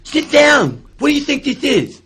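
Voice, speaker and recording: A man putting on the voice of a furious, foul-mouthed male club owner who shouts and blusters. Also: very high-pitched, big pitch swings, normal speed, a little hiss or hum, pitched above the performer's own voice, heavily acted. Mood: enraged.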